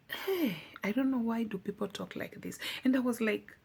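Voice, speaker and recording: A woman's voice: on the high side, moderate pace, gravelly, hardly any pauses, a little mellow, breathy edge. A young adult woman vlogger giving a heartfelt personal testimony, earnest and pleading, repeating words for emphasis.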